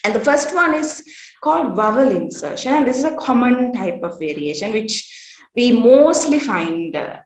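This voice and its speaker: A woman giving an academic workshop presentation at a conference. She speaks in a measured way, often pausing on "uh" and "um". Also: medium pitch. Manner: measured, with frequent "uh" pauses. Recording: roomy echo.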